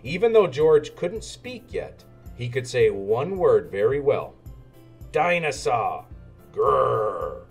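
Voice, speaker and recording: Male storybook narrator, lively and sing-song, faint music behind. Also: mid-range voice, a little slow, slightly rough. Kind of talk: children's storybook read-aloud.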